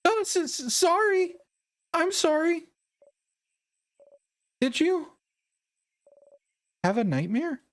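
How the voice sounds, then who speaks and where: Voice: sing-song, heavily acted. A streamer reading a story game aloud, voicing a cheerful, caring young woman who worries over her friend. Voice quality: high and bright, sing-song. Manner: gentle, fussing, quick to scold in jest.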